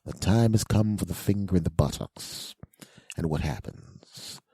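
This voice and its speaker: Solo comic host, low mellow voice, dry close mic, whiny self-mocking rants. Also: male voice, measured pace, breathy edge, dry recording. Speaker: podcast host. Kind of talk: comic monologue.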